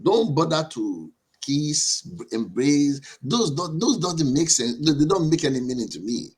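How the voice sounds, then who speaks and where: A married man on a discussion panel, using his own life as an example in a personal, storytelling way with halting restarts. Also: a little high, sing-song, a little mellow, husky. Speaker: panel guest.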